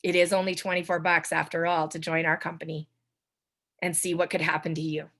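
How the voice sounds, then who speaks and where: A young woman giving a chatty coaching talk to a sales team, with quick asides to her listeners. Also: lowish voice, level tone, fairly bright tone. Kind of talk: casual training talk on a video call.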